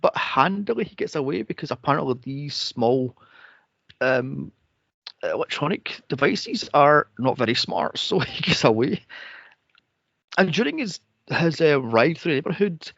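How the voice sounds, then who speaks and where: A man co-hosting a film podcast, sarcastic and profane, mocking characters with shrill impressions. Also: expressive, measured pace, vocal fry, fairly bright tone, dry recording. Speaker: podcast co-host reviewing a film. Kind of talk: casual chat. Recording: dull lo-fi dry podcast audio.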